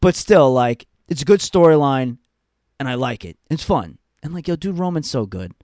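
A man's voice: mid-range voice, expressive, moderate pace, a little mellow, dry recording, studio quality. A young man giving casual, profane, rambling opinions on wrestling storylines, full of fillers and asides. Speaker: wrestling commentary podcaster.

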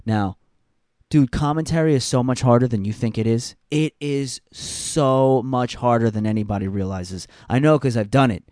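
A man's voice: medium pitch, normal speed, darkish tone, no echo, clean studio sound. A young adult man hosting a podcast, ranting in a blunt, profane way and repeating points for emphasis. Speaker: podcast host. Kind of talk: casual ranting commentary.

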